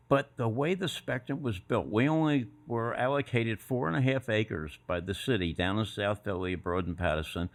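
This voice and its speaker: An older man recounts stories from his career in a loose, conversational way. His voice moves through a lively melodic range and sits at a middling pitch. He laughs often at his own tales. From Philadelphia area. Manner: animated anecdotal storyteller, laughs at own stories. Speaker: guest, former sports executive. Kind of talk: casual storytelling interview.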